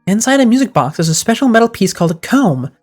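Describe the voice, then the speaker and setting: A man reading aloud the lines of an eccentric, self-assured gentleman detective in a grandiose, wordy manner, with faint game music behind. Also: sits high, sing-song, fast talker, voice pushed up. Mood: lofty.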